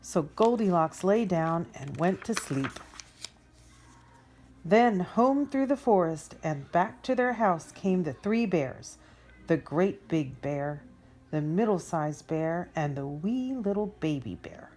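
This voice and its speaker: Slow, expressive woman reading a story. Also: on the low side.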